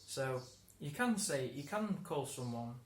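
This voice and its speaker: A man's voice: mid-range voice, lively intonation, unhurried. A man explaining words in a conversational lesson, laughing and restarting often. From England. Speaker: English teacher. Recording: roomy room, faint ambience.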